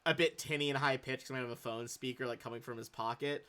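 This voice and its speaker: A man's voice: mid-range voice, steady tone, fast talker, sharp tone. A man running a tabletop game as game master, narrating loosely with a lot of swearing. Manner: loose, swears, lots of fillers.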